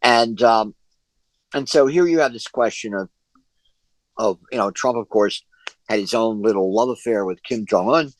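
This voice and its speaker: A man leading a group discussion on a video call, his voice on the low side. He talks in long, halting stretches full of fillers and restarted phrases. The sound is dry, with no room echo. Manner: hesitant, many fillers and restarts. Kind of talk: online discussion session.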